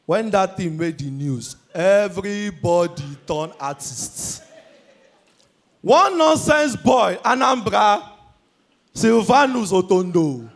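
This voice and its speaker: A young Nigerian man doing a high-energy stand-up comedy routine on stage, shouting his punchlines and slipping into Pidgin. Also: expressive, takes it slowly, creaky. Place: live comedy stage before an audience.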